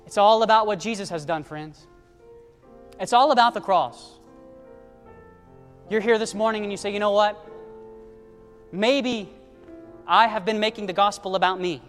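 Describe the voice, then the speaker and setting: Preacher, male, high register, sermon storytelling with voiced characters, reverberant church hall. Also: normal speed, long pauses, soft background music. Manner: shifts to soft low tones for quoted characters, rising to loud high emphasis.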